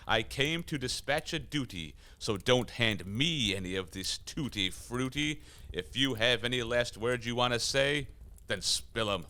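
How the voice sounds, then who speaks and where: A man's voice: lowish voice, pushed and bright. A man playing a boastful devil assassin. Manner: theatrical, boastful, swings between bluster and wonder. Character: scheming male devil assassin sent from hell. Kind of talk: radio play acting.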